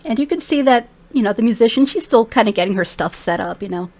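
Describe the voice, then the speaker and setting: A woman narrating as game master in a relaxed, descriptive way with many fillers. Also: fairly high pitch, fast.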